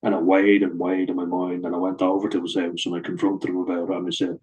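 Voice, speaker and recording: A man's voice: low-pitched, completely flat delivery, quick pace, few pauses, a little mellow, low-quality recording. A middle-aged man, bluntly telling a personal story to camera in a sweary, aggrieved way. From Ireland. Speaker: vlogger.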